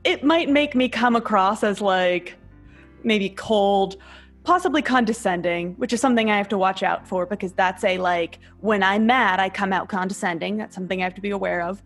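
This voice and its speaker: Woman, middle pitch, earnest and self-aware, conversational; faint music bed. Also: moderate pace. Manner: earnest and self-aware, explaining a personal habit. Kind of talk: reflective conversation.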